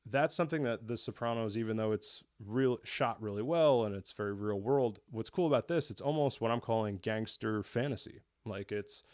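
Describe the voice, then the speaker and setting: A young male show reviewer from the New York area talks with casual enthusiasm, wandering off and correcting himself by restarting sentences. His lowish, slightly mellow voice keeps a moderate pace with hardly any pauses. It's studio quality with no room sound.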